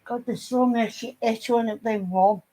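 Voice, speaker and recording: A woman's voice: fairly high pitch, fairly even intonation, moderate pace, warm tone. A woman, chatting casually on a vlog, blunt and teasing, swearing freely. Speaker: vlogger. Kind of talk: casual chat.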